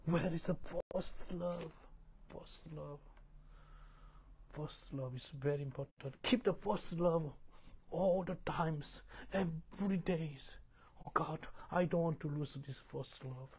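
Husky preacher man calling out to his flock. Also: fairly high pitch, takes it slowly. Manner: emphatic, asks the congregation questions, swings between loud and hushed. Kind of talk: sermon with call-and-response.

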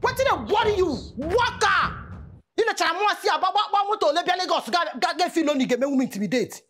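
A fiery Nigerian best friend. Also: female voice, extremely high pitch, expressive, quick pace, fairly bright tone. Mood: scolding. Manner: mixes Nigerian Pidgin, scolding and emphatic. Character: Joy, a protective, outspoken female friend. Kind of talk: Nollywood film acting. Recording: echoey room with music underneath.

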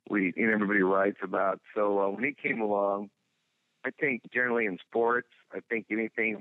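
Male horse trainer, low voice, rambling phone interview, tinny line. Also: no room sound. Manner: rambling, halting, full of "you know" restarts. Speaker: racehorse trainer.

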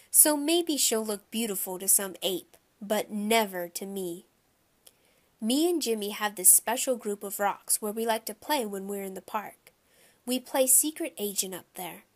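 A woman narrating a children's novel in the first person, with lively storytelling. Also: medium pitch. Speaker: audiobook reader.

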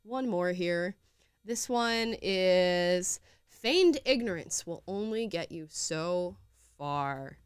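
A woman's voice: lowish voice, animated, slow pace, clean tone, no room sound, clean studio sound. Sarcastic young woman hosting a podcast. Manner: sarcastic, laughs often. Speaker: podcast host. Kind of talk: commentary on reaction clips.

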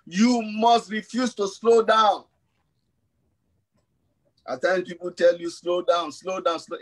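A man's voice: sits high, poor audio. A pastor in his fifties preaching an emphatic sermon in church, repeating his refrains for force. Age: 50s.

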